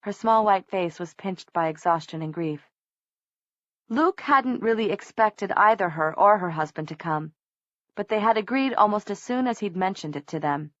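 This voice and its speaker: A woman reading an audiobook aloud in an even, measured way. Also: medium pitch, no room sound, muffled recording. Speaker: audiobook narrator. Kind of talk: scripted narration.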